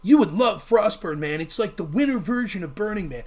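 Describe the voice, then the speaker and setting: A man putting on the voice of a mellow, preachy male festival hippie who rambles in a laid-back drawl. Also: sits high, lively intonation, fairly quick. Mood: dreamy, earnest.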